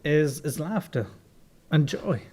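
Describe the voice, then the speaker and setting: A young man co-hosts a comedy podcast in an unhurried, drawn-out way. His voice rises and falls a lot while he delivers dry, sardonic jokes. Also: a little high, lively intonation, darkish tone. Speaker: podcast co-host. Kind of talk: casual comedic banter.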